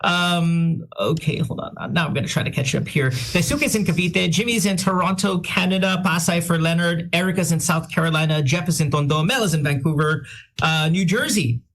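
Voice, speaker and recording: Reading out listener shout-outs, a male radio host in a slightly high voice keeps things casual and throws in quick self-deprecating jokes. He sounds a little under the weather and admits he sounds a bit sick.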